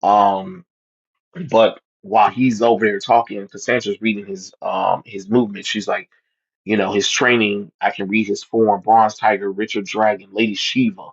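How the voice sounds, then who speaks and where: Man, lowish voice, casual comic recap, stop-start with ums, dull lo-fi sound. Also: level tone, gravelly, husky. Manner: halting, frequent ums and restarts. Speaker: comic book reviewer.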